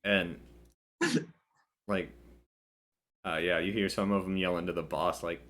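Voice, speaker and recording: Very deep-voiced man running a tabletop game. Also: flat delivery, a bit bright. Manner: casual, halting narration with many fillers. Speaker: game master.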